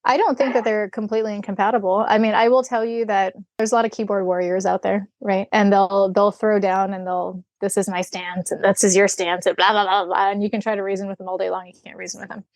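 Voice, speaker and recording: A woman of middle pitch speaks as a podcast guest with blunt, lively candor. She slips into voicing other people and laughs as she goes. The recording is close and dry, with no room sound. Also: fast, few pauses, no echo. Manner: candid and animated, acts out dialogue, laughs often. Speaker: guest, equine rehabilitator. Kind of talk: podcast interview, casual storytelling.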